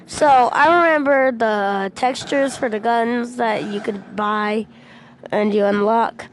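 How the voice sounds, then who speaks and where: A young female gaming vlogger casually telling a rambling story, excitable and breaking into shouts when she quotes people, into a headset mic. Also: on the high side, a little slow, faint music behind.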